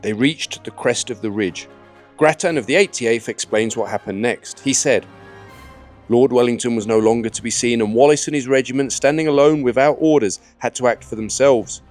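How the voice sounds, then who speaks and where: A man hosting and narrating a history programme, telling it in a measured way and reading period quotes. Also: mid-range voice, faint music behind. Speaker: host and narrator. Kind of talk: scripted narration.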